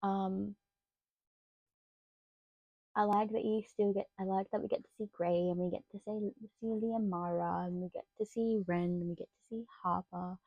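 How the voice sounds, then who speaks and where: A woman's voice: mid-range voice, steady tone, gravelly, dry recording, highs cut off. A young Australian woman reviewing books in a chatty, rambling way that slides into rants. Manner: chatty, rambling, quick to rant. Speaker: book vlogger. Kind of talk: casual book review chat.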